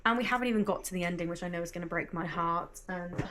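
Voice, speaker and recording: A young British woman vlogging casually, bubbly and quick to laugh. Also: lowish voice, slight background noise. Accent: British English. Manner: bubbly and animated, laughs easily. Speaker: book vlogger. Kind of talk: casual vlog chat.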